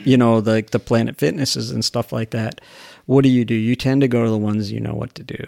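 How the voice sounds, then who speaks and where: A man's voice: mid-range voice, steady tone, fairly quick, gravelly, darkish tone, no room sound, studio quality. A man speaking as a podcast guest in casual conversation, rambling with lots of fillers and acting out what people said to him. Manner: rambling, filler-heavy, retells dialogue.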